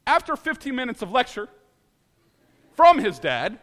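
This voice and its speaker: A man from Ohio telling a personal story in an animated, dramatic way, laughing at himself as he goes. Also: very high voice, moderate pace, big-room sound.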